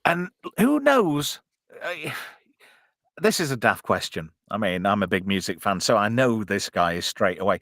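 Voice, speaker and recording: A podcast co-host hosts a casual, jokey live-stream commentary on a film, chatting away, cracking jokes and putting on silly voices. His voice is lowish, animated and fairly bright, moving at a moderate pace. The recording is dry and studio quality.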